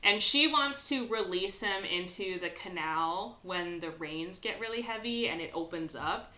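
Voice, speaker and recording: A woman's voice: lowish voice, lively intonation, unhurried, pushed and bright, reverberant. A woman hosting a podcast, casually recapping a film with lots of fillers and quoted lines. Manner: rambling retelling with many fillers and acted quotes. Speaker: podcast host. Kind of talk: casual movie recap chat.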